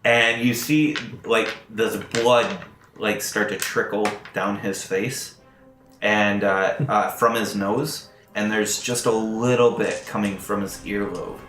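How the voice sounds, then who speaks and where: A man's voice: fairly low pitch, steady tone, a bit bright. A man narrating as game master in an easy, rambling way, full of fillers. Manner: slow, loose, full of fillers. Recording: roomy echo, faint music.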